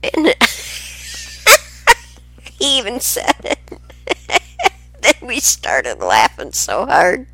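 A woman's voice: medium pitch, wildly swooping pitch, extremely slow, long pauses, fairly bright tone, dry recording. An older woman telling family stories in a casual, rambling way, often laughing and getting sidetracked.

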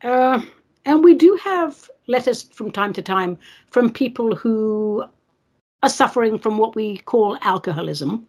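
Casting note: husky-voiced woman host, scornful and sarcastic, pitch swinging widely. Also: expressive, a little slow, darkish tone. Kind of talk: opinionated commentary show.

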